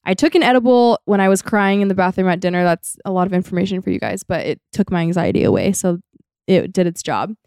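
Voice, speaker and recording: A woman's voice: medium pitch, lively intonation, fast talker, creaky, a little mellow, dry recording, studio quality. A young woman co-hosting a podcast, telling a personal story in casual chat, full of "like" fillers. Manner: chatty, many "like" fillers. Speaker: podcast co-host.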